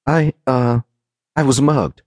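A man voicing a frightened young woman on the run, pleading and high-strung, in an audiobook reading. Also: very animated, normal speed, a little mellow, husky, dry recording. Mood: nervous.

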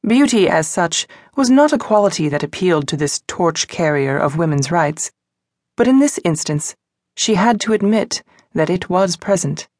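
A woman narrating an unabridged mystery novel as an audiobook, in a measured, even reading. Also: lowish voice, no echo, clean studio sound. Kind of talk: scripted narration.

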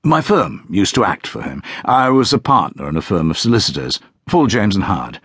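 A man voicing a lean old retired country solicitor who talks quietly and with firm assurance. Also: on the low side, sing-song, fairly quick, breathy edge, no room sound, clean studio sound, full character voice. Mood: reminiscent.

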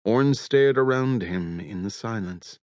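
A man narrating an audiobook in an even, measured storytelling manner on a close studio mic. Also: fairly low pitch, dry recording. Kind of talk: scripted narration.

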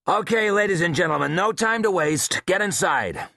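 A man's voice: high-pitched, animated, normal speed, vocal fry, bright, forceful tone, no echo, clean studio sound, voice pushed up, full character voice. A man voicing a tough male station chief, a marine biologist who barks orders in a raised, clipped voice. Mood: commanding.

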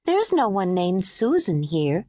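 A woman's voice: medium pitch, very animated, a little slow, warm tone, dry recording. A woman narrator voicing a droll teenage girl in an audiobook, dry and patient. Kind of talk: audiobook character voice.

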